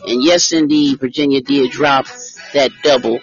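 A man hosts a casual live stream, giving lottery picks by reading out numbers and chatting with viewers by name. His medium-pitched voice is fairly even in intonation at a normal speed, over dull lo-fi stream audio with faint music.

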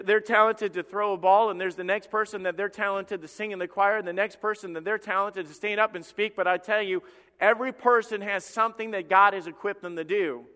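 A man's voice: high voice, sharp tone, big-room sound. A pastor preaching a sermon in a church, emphatic and driving his points home through repetition. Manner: emphatic preaching, repeats key phrases. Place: church sanctuary.

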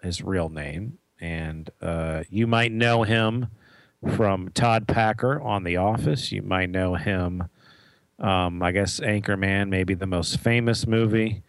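Gravelly low man, wry quips. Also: slow, dry recording. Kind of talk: casual chat.

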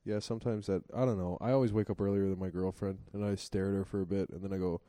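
A young man with a low, dark voice tells rambling, self-deprecating stories in a casual podcast chat. He leans on filler words as he goes. The recording is close and dry. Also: steady tone, fast, no echo. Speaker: podcast co-host.

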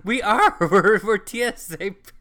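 A co-host tells a travel story during a casual chat, swearing freely and acting out what people said in a profane, chatty way. The voice has a medium pitch, a moderate pace, and a fairly bright tone.

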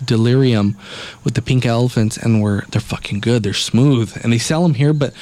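On a casual podcast, a man with a mid-range, darkish voice tells a long, rambling travel story at a moderate pace. He swears heavily and acts out what people said to him.

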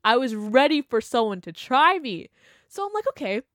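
A young woman telling a story in casual chat, animated and full of fillers, acting out what people said. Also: fairly high pitch, normal speed, no echo, studio quality. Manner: animated, chatty, full of "like" and laughter, acts out quotes. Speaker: vlogger.

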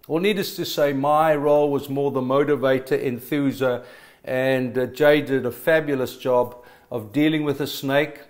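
A man's voice: mid-range voice, darkish tone. A middle-aged man preaching a sermon, telling stories with emphatic stammered restarts. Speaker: pastor.

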